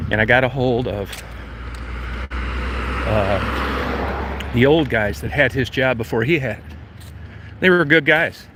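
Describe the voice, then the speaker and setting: A man's voice: a little high, noisy background. A man telling a story casually, cursing and heated, acting out both sides of quoted arguments. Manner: profane, heated, acts out quoted exchanges. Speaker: property owner telling a story.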